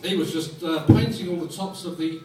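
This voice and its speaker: A man serving as fines master at a club dinner, telling jokes in a dry, deadpan way to a live audience. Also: sits high, brisk, far from the mic, noisy background. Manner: dry, deadpan joke delivery. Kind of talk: joke-telling fines session. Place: function room with audience. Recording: roomy hall recorded from afar with crowd.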